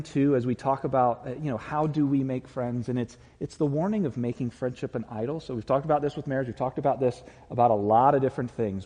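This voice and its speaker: Earnest pastor preaching in a reverberant hall. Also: male voice, mid-range voice, dark tone. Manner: earnest, conversational preaching with humor. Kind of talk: sermon. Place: church sanctuary.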